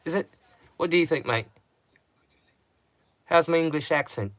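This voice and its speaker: A man's voice: fairly high pitch, normal speed, a bit bright, no echo, close to an everyday voice. A man putting on an English accent while chatting casually on a live stream. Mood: playful.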